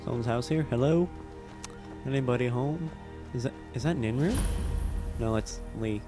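A man's voice: mid-range voice, moderate pace, loud music behind the voice. A man casually narrating his gameplay, swearing freely and chatting to the characters on screen. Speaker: gameplay commentator. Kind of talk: casual let's-play commentary.

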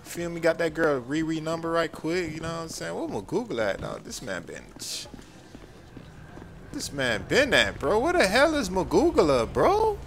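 A man voicing an excitable, slangy young male friend who talks loud and hyped. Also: fairly high pitch, moderate pace, creaky, pitched above the performer's own voice, heavily acted.

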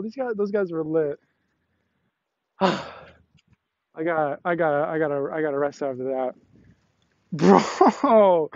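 A young man livestreams while walking around a campus, holding his phone on a selfie stick. He's hyped, laughing, sweaty and out of breath, talking to passersby in a high-pitched voice, speaking slowly with frequent pauses; the sound has no echo and the highs are cut off.

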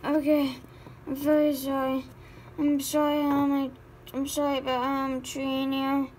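A woman improvising voices for a homemade movie, halting and stammering with many fillers and sighs. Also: sits high, monotone, darkish tone, a little hiss or hum. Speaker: voice actor for a homemade life-sim movie. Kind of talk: improvised amateur voice acting.

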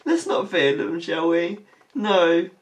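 A woman's voice: low voice, animated, slow. Laughing, swearing woman reacting to clips. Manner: laughs helplessly, swears, exclaims. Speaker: reaction video host. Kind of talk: casual reaction commentary.

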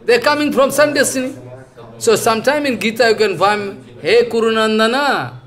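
Male spiritual teacher, high voice, halting earnest lecture delivery, heavy on fillers and restarts. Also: a bit bright. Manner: halting, searching for words, many fillers and repeats; earnest, explanatory. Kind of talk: scripture lecture.

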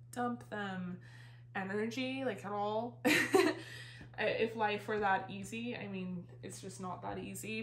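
A woman's voice: mid-range voice, fairly bright tone. A woman talks through a tarot reading in a loose, rambling way, full of fillers and casual swearing. She sounds a little out of breath throughout. The room adds a noticeable echo. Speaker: tarot reader. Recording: roomy echo.

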